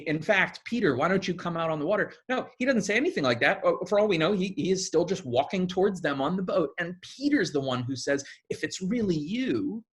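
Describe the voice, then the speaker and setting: A man preaching a sermon in a conversational, animated way, often restarting his phrases. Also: high-pitched, a little fast, few pauses, slightly rough.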